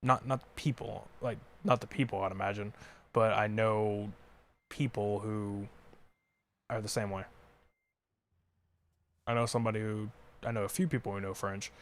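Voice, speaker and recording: Rambling, low-voiced young man gaming. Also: fairly even intonation, moderate pace, pauses often. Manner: rambling, swears casually, frequent fillers. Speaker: podcast co-host. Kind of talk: casual chat while playing a trucking game.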